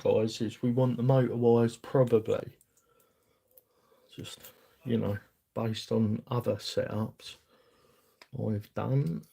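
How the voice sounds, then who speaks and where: A man's voice: mid-range voice, vocal fry, darkish tone. A middle-aged man with a London accent chatting casually to his live-stream viewers as he works at a bench, rambling and self-deprecating. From England. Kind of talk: casual live-stream chat while working on a workbench.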